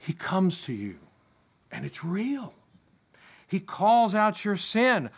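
Male preacher with a high voice, impassioned sermon delivery, building to emphatic peaks. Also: sing-song, takes it slowly, pauses often, husky. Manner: impassioned, rising to emphatic peaks and dropping low.

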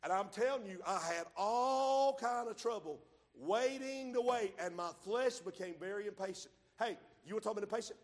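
A man preaching a sermon, swinging from loud shouts to quiet low asides and drawing key phrases out slowly. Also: animated. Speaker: pastor. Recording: long hall reverb.

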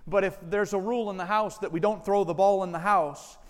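A male pastor preaching a sermon, animated and acting out family members' lines. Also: sits high, a little fast, in a large hall. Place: church sanctuary.

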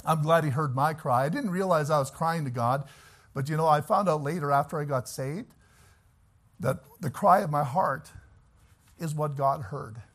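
A male preacher delivering a sermon, moving from slow, quiet reflection to loud, fervent exhortation that rises to shouts. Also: on the high side.

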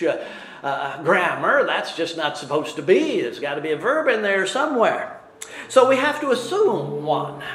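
A man preaching from the pulpit with a fairly high voice that rises and falls widely. He takes his time over each phrase and laughs at his own slips. His words ring out in a roomy, echoey hall. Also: fairly bright tone. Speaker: pastor. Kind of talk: sermon.

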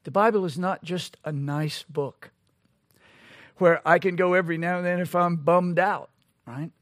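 A man's voice: high voice, fairly even intonation, dry recording, clean studio sound. A man preaching a sermon as pastor, emphatic and full of rhetorical questions. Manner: emphatic, rhetorical questions, slow deliberate delivery.

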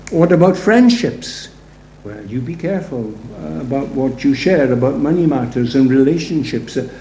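A man's voice: medium pitch, dark tone. A man preaching a sermon in a conversational, storytelling way, full of rhetorical asides. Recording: roomy echo, faint background noise.

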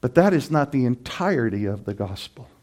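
A man preaching a sermon as pastor, impassioned and emphatic, building to loud repeated cries. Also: mid-range voice, big pitch swings, brisk.

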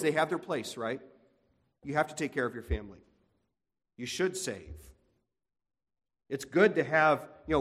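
An earnest male pastor delivering a sermon, repeating his main points and restarting phrases as he goes. His voice sits slightly high for a man, and long reverb trails off every sentence. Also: breathy edge. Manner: earnest, repetitive emphasis with frequent restarts.

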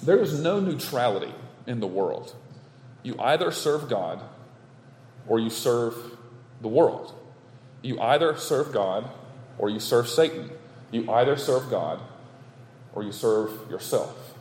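A man preaching a sermon from the pulpit, stressing his points through steady repetition. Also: mid-range voice, slow pace, long pauses, a little hiss or hum. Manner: emphatic, repetitive preaching cadence. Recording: echoey hall with long reverb.

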